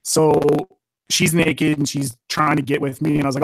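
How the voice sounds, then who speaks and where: A man's voice: fairly high pitch, little pitch movement, moderate pace, vocal fry, dry recording, low-quality recording. A man from Canada, a guest on a casual podcast, rambling and swearing as he laughs at his own jokes.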